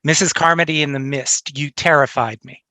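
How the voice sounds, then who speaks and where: A man interviewing an actress, asking quick questions in an enthusiastic, admiring way. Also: on the high side, steady tone, sharp tone, no echo.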